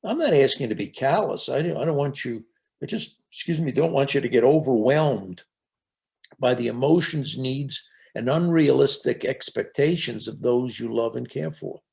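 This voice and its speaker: Gravelly older man telling stories, lively. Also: mid-range voice, normal speed. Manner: earnest, storytelling, repeats words when starting. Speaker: speaker on resilience and spiritual life. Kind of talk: reflective talk with anecdotes.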